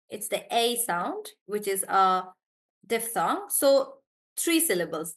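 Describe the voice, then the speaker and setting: A woman's voice: mid-range voice, expressive, a little slow. A woman from South India with a South Indian English accent, teaching pronunciation in a live online class, encouraging and breaking words into syllables.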